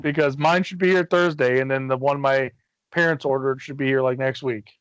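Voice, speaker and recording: This Michigan man, middle-aged, co-hosts a podcast and spins a long, meandering story in relaxed conversation, cursing often and performing other people's lines. He speaks briskly at medium pitch with a steady, clean, fairly bright tone, though the audio sounds dull.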